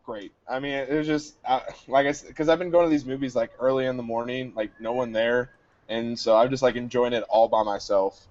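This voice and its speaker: A man chats on a movie podcast and talks haltingly with lots of fillers. The sound is dull and lo-fi. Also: mid-range voice, fairly even intonation, darkish tone. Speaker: podcast co-host. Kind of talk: casual movie podcast chat.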